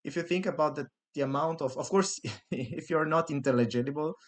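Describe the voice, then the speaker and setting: An Italian-accented man talks casually on a podcast, his voice sitting a touch high for a man. He wanders through ideas with restarts and quick laughs. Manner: rambling, full of restarts and laughs. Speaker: podcast co-host.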